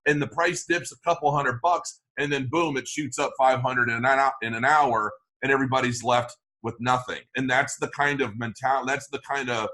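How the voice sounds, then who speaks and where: Bright-voiced man, rambling interview guest. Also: medium pitch, moderate pace, few pauses. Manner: rambling, frequent restarts and fillers. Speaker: crypto channel guest. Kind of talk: conversational interview.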